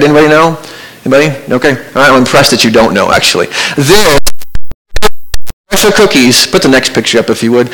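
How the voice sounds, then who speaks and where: A man's voice: medium pitch, a bit bright, poor audio. A man preaching a sermon in a church, reading scripture aloud and turning to the congregation with casual asides. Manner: conversational, often adds "right?" to draw in the congregation; reads scripture aloud, then breaks off to comment. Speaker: pastor.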